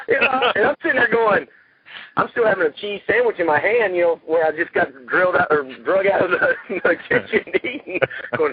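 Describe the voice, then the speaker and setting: A man's voice: high voice, expressive, brisk, breathy edge. Folksy man on a tinny phone line. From Texas. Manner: rambling, folksy, lots of "you know". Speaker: actor guest. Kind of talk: casual interview talk.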